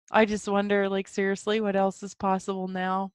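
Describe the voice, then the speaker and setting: A woman hosting a solo self-help podcast who talks excitably and jumps up high in pitch when she quotes her own thoughts. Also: normal speed, hardly any pauses, smooth, no room sound. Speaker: podcast host.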